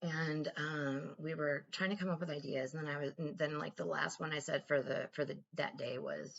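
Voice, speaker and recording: A woman's voice: low-pitched, moderate pace, vocal fry, muffled recording. A woman vlogger telling a personal story in a candid, profane way, acting out the lines of the people in it. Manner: candid, profane, animated retelling with quoted dialogue. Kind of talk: casual confessional storytelling.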